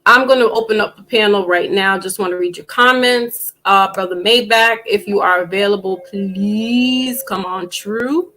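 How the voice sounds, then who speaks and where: A woman hosting a casual live-stream panel, chatting loosely with plenty of fillers and restarts and getting animated when she tells a story. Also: mid-range voice, normal speed, hardly any pauses, rough recording. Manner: animated when telling stories.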